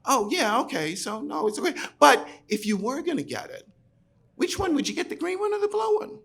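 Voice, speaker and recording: Man doing a high, chirpy young Brooklyn gal, bubbly and sure of herself, with a gravelly edge. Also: very animated, a little fast, a bit bright, exaggerated voice. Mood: breezy. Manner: breezy, high and sing-song. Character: bubbly young Brooklyn woman, confident saleswoman.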